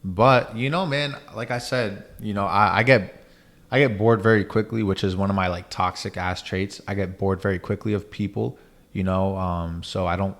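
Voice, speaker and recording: A young man hosting a podcast, chatting loosely and often asking "you know what I'm saying". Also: fairly low pitch. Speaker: podcast host. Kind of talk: casual chat.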